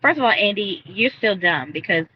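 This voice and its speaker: A woman gives a casual, outspoken recap of a TV episode on a live stream, talking straight to her viewers. Her voice sits in a middle pitch, picked up by a headset mic with a slightly dull sound and a faint hiss behind her. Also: animated, moderate pace. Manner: blunt, opinionated, talks straight to viewers. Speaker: TV show reviewer. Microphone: earbud headset.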